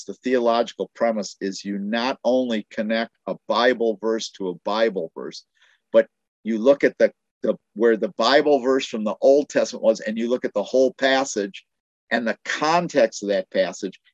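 A man with a fairly low voice teaches from the Bible in a sermon, explaining scripture and reading passages aloud. He often restarts his phrases as he works through a point. The sound is dry and a little muffled and lo-fi. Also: normal speed, no echo. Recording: dull, dry lo-fi recording.

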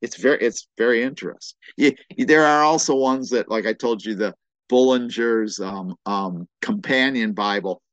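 A male pastor teaching from the pulpit in an explanatory, emphatic way, stressing the words he wants remembered. He stammers and restarts often, repeating small words while he gathers his thoughts. His voice sits at an ordinary pitch and is recorded close and dry, with no room echo. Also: moderate pace, fairly bright tone, muffled recording. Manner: explanatory, emphatic on key phrases. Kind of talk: sermon Bible teaching.

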